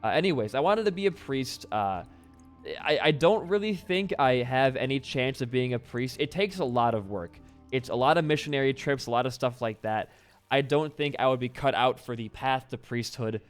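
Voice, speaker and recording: Swearing often and poking fun at himself, a young man rambles through casual gameplay commentary for his YouTube channel. His pitch is medium and his pace moderate, with faint background music.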